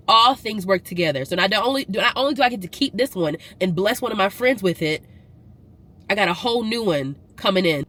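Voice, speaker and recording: A woman's voice: mid-range voice, lively intonation, brisk, a bit bright. A woman from Louisiana, talking emphatically to camera in a casual vlog and repeating phrases for effect. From Southern US, Louisiana. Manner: emphatic, preacher-like repetition and rising intensity. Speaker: vlogger.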